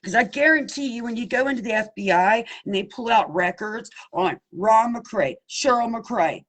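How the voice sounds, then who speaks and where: Husky-voiced woman making an impassioned plea. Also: on the high side, normal speed. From Pennsylvania. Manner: impassioned, blunt, cusses, addresses listeners directly. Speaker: abuse survivor seeking justice. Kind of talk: direct-to-camera plea.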